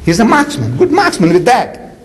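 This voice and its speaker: A man giving a lively storytelling lecture as an Islamic preacher, chatty with many asides. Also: high voice, moderate pace, low-quality recording. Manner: animated, conversational, with frequent "you know" asides and acted voices.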